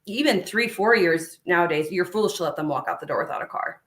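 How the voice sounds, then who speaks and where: A woman's voice: lowish voice, lively intonation, fast, a bit bright. A woman with a Midwestern American accent, a dealership manager, answering interview questions casually with many ums.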